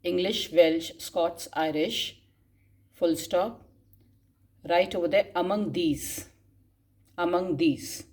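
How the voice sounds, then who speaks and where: Woman teacher reading notes aloud for students to copy, very slow, repeats phrases, coughs often. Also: fairly low pitch, a little mellow. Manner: slow dictation, spelling out words and repeating phrases; frequent coughs and throat clearing. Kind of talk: dictating class notes.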